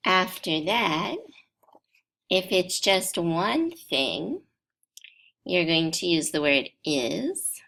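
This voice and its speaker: Slow, creaky-voiced woman teaching grammar. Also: lowish voice, very animated, a bit bright. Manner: slow, deliberate step-by-step explaining. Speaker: English teacher. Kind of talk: grammar lesson for learners.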